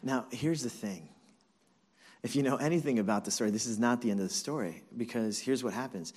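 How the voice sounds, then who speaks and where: A male pastor preaching a sermon, retelling scripture as conversational, animated storytelling. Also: mid-range voice, a little fast, husky.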